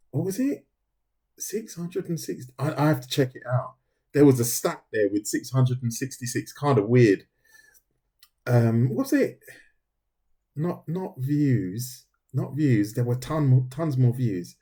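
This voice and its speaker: A man's voice: medium pitch, warm tone, breathy edge. A middle-aged man, chatting casually with viewers on a livestream while he draws. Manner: chatty, talks to viewers, says "mate" often. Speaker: livestreaming artist.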